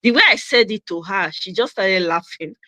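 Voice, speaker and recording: A woman's voice: mid-range voice, moderate pace, bright, forceful tone, dry recording. A Nigerian woman hosting a casual livestream chat, talking emphatically and mixing Pidgin with English. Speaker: host.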